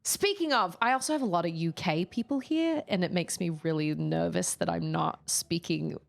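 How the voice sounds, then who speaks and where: A woman's voice: lowish voice, moderate pace, vocal fry. A young woman streaming a video game, chatting casually and breaking into silly voices. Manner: chatty, animated, jumps into silly voices and laughs. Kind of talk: casual gameplay stream chat.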